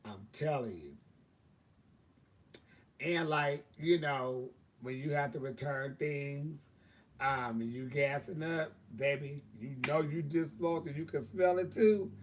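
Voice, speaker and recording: A man's voice: a little high, slow pace, recorded from a distance. A man telling a long story on his own live stream, casual and profane, with lots of fillers. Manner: profane, drawling, chatty with many fillers. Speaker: livestream host.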